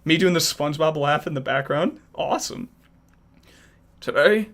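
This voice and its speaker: Young male streamer; upbeat, bright, rambling casual talk. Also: on the high side, normal speed. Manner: animated, rambling, restarts often. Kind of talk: casual chat reacting to viewers.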